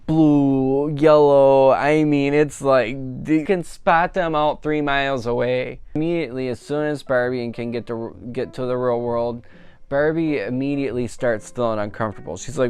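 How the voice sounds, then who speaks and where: A man giving a casual, rambling film review, full of fillers and animated reactions. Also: mid-range voice, normal speed, clear, resonant tone. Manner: chatty and rambling, full of "like" and "you know"; animated, laughing at the funny parts. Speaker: movie reviewer.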